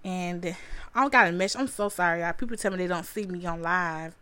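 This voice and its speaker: A young adult podcast host speaks a little fast in a smooth, pushed, bright voice on the low side. She earnestly, repetitively recounts her personal story as testimony to a live audience, addressing them as honey.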